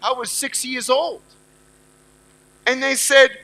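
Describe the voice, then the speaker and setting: A man in his thirties giving an inspirational speech to a live audience. He talks emphatically, repeats lines to the crowd, and swings between loud bursts and hushed storytelling. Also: very high voice, moderate pace, pauses often. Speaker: motivational speaker.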